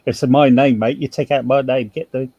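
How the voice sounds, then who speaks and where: A man's voice: mid-range voice, steady tone, brisk, mellow, slightly rough, dry recording, highs cut off. A British man in a casual group chat who talks hesitantly and stammers.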